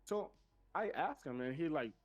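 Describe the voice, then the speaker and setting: A man's voice: a little high, moderate pace, highs cut off. Man with an accent telling a story. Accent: non-native accent. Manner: animated retelling, acting out both sides of a conversation. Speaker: podcast co-host. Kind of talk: casual storytelling.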